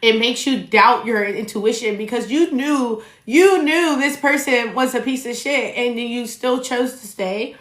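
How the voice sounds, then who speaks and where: A young woman hosts a solo podcast in a blunt, animated voice and swears freely. She talks straight to her listeners. Her voice rings a little in an echoey room. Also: fairly high pitch, measured pace, hardly any pauses. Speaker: podcast host. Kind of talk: casual solo podcast monologue.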